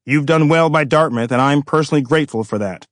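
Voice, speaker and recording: A man's voice: a little high, fast talker, dry recording, natural voice. Man doing polished older college president, clipped speech, cordial, dry close sound.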